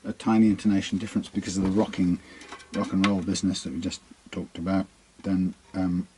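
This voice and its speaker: A low-voiced man talks himself through adjusting a bass, musing aloud as he works. Faint hiss sits under his voice, and a bass plucked now and then is heard behind him in the workshop. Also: flat delivery, fairly quick, a little mellow. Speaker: guitar technician. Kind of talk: hands-on workshop demonstration.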